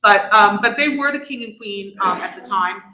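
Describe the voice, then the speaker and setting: A middle-aged woman with a New York accent gives an informal lecture in a bright, clear voice. She explains carefully, circling back and restarting her phrases. The sound is roomy and echoey. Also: mid-range voice, normal speed. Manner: explanatory, with frequent restarts and fillers. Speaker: guest lecturer.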